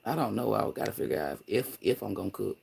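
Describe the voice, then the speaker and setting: Gravelly man rambling on a livestream. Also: fast. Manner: rambling and animated, swinging between loud excitement and low mutters; profane, slangy, laughs often. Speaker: livestream host. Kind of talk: casual livestream chat.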